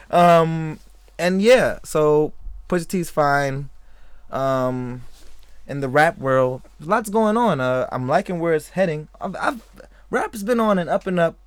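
A man's voice: fairly high pitch, lively intonation, takes it slowly, long pauses, clean tone, dry recording. A man hosting a podcast in a casual, rambling way, a little tipsy, laughing often and talking to live chatters. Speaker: podcast host. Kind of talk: casual live-stream chat.

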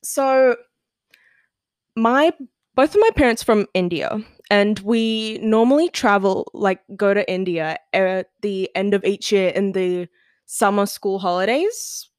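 A chatty teenage girl talks through her own podcast in a loose, rambling way, laughing easily between thoughts and leaning on "like". Her voice sits at an ordinary middle pitch. The recording is close and dry, with no room around her. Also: slow pace, clean tone, no room sound. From Australia. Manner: giggly, chatty, lots of "like" fillers. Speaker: podcast host. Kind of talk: casual solo podcast chat.

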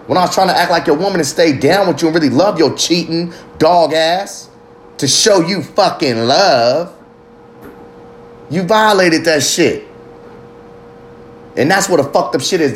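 Male podcast host, higher-than-average voice, heated preachy rant full of profanity and challenges to the audience. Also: slight background noise. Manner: asks the listener pointed questions. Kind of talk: impassioned podcast monologue.

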